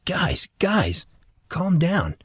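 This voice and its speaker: A man's voice: a little high, wildly swooping pitch, drawn-out words, breathy edge, no room sound, studio quality, pitched above the performer's own voice, full character voice. A man voicing an awkward, nervous fourteen-year-old boy who stammers and hesitates. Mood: placating.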